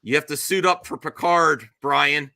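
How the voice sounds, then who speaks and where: A middle-aged man hosting a casual podcast chat. He tells stories animatedly and slips into high squeals when mimicking others. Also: measured pace, gravelly, pushed and bright, no echo. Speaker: show host.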